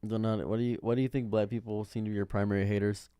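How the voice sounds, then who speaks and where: A man's voice: lowish voice, level tone, very fast, dark tone, smooth, no room sound, clean studio sound. A man in his thirties who talks off the cuff in a casual commentary monologue, rambling and repeating himself with a baffled, exasperated tone. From Detroit. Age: 30s. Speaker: streamer.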